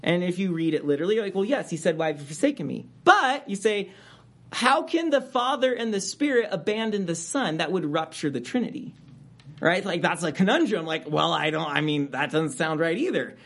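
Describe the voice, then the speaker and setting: Man preaching an expressive sermon. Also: sits high, a little fast. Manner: expressive preaching, rising for emphasis and reading scripture aloud. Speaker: pastor.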